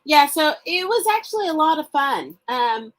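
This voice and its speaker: A woman co-hosting a podcast, enthusiastic and quick to laugh and chime in. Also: high voice, sing-song, a bit bright. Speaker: podcast co-host. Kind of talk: casual chat.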